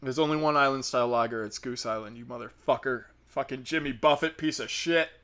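A man's voice: mid-range voice, a little fast, a bit bright. A man hosting a solo podcast, ranting in a profane, exasperated and sarcastic way. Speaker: podcast host. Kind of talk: casual solo podcast rant.

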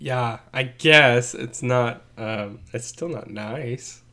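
Brief: male co-host, mid-pitched, relaxed and wry sidekick. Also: slow pace. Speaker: podcast co-host. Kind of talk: casual chat.

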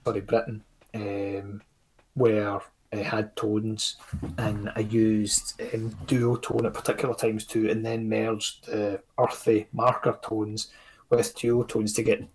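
A man's voice: on the low side, completely flat delivery, slow pace, a little mellow, slight background noise. A Scottish man, a comics creator, chatting on a podcast in a rambling, self-critical way with lots of fillers and casual swearing.

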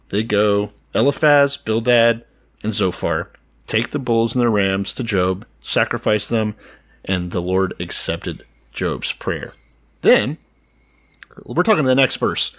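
A man talks through scripture in loose, profane chat, mocking the verses as he reads them aloud. His delivery swings widely in pitch. The tone stays mid-range and conversational. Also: fairly bright tone. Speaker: podcast co-host.

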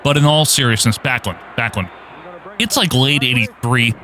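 A man's voice: medium pitch, moderate pace, bright, forceful tone. A man hosting a casual wrestling podcast, knowledgeable and steering the conversation along. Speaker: podcast host. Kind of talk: casual chat watching wrestling.

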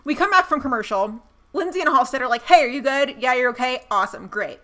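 A woman co-hosting a casual podcast chat, recapping a TV episode with animated storytelling. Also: high voice, fast. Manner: animated storytelling, laughs while acting out scenes. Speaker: podcast co-host.

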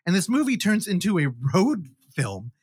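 A man's voice: high voice, big pitch swings, normal speed, darkish tone, slightly rough, no room sound, clean studio sound. A man hosting a podcast, animatedly retelling a movie in casual chat and swearing freely. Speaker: podcast host. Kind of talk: casual film review chat.

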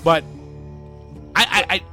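A man's voice: slow pace, faint music behind. A man co-hosting a podcast, telling a long anecdote in casual chat and acting out the quoted lines. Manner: animated, acts out quotes with rising pitch. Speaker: podcast co-host.

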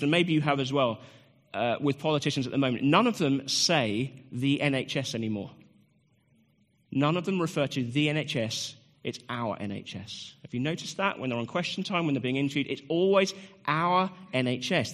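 A man preaching a sermon as pastor, rising loud and lively when he reads scripture and dropping quiet for personal asides. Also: fairly high pitch, brisk. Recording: echoey church hall.

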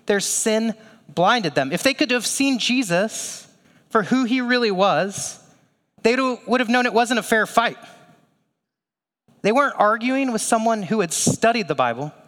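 A man's voice: high voice, expressive, a little slow, fairly bright tone, in a large hall. A male pastor preaching a sermon in a conversational way, with rhetorical asides and questions.

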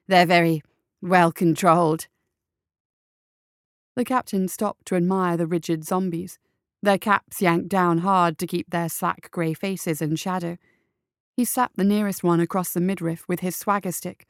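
A woman narrating a story as an audiobook, in a measured, even storytelling manner. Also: lowish voice, no room sound, clean studio sound.

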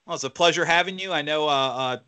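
Bright, slightly high man hosting. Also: quick pace, clean tone. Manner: hesitant, many fillers. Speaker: host. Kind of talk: casual radio chat.

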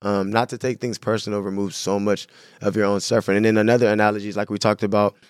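A man from San Diego, a guest on a podcast, talking in a casual, animated, slangy way. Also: lowish voice, fast talker, smooth, dry recording, clean studio sound. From San Diego, California. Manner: animated, slangy, says "bro" and "you know what I'm saying" a lot. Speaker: podcast guest, clothing brand owner. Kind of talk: casual conversation.

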